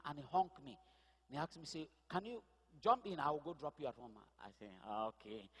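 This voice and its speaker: A man's voice: on the high side, a bit bright. A man telling a personal testimony as a sermon, vivid storytelling that builds to impassioned cries. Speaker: pastor. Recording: echoey hall reverb.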